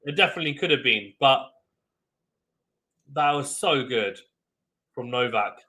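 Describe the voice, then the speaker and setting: A young man hosting a live tennis watchalong, giving excitable play-by-play with sudden bursts of loud surprise and chatting with viewers. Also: medium pitch, a little slow. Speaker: watchalong host.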